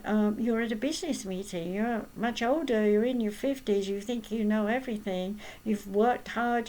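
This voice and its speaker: Chatting casually, a woman medium and healer spins stories and drops in rhetorical asides. Her medium-pitched voice is a little mellow, heard through a rough recording.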